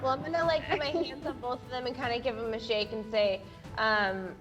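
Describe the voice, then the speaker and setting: A woman's voice: on the high side, fairly even intonation, a little fast, lo-fi sound, music in the background. Bubbly woman playing a tabletop game. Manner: casual, laughing, filler-heavy. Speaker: player.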